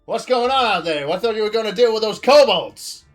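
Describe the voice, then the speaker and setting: A man's voice: high voice, expressive, brisk, faint music behind, voice pushed up. A man voicing a brash, sleazy male boss who waves people off. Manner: brash and dismissive. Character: sleazy male boss, lounging in a bubble bath.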